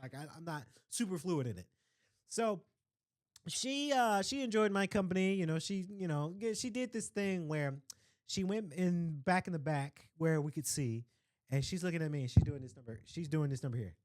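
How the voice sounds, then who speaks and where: A young man hosting a podcast, telling a travel story in a rambling, chatty way full of asides and shout-outs. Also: fairly high pitch, animated, moderate pace, no room sound. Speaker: podcast host. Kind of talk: casual chat.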